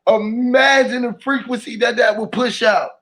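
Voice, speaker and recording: A man in a casual podcast conversation, talking in an animated, rambling, slangy way. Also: very high voice, normal speed.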